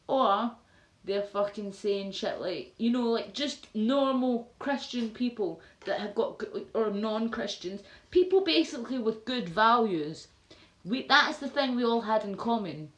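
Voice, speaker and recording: A woman's voice: fairly high pitch, expressive, a little slow. Scottish woman ranting and rambling on her livestream, swears a lot, echoey room sound. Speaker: livestream host. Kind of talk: casual livestream chat reading viewer comments. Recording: roomy echo.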